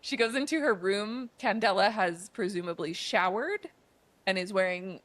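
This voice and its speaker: A woman's voice: medium pitch, moderate pace, fairly bright tone, no room sound. A woman co-hosting a podcast, casually retelling a movie's plot in a chatty way, with lots of "like" and "um" fillers. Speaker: podcast co-host.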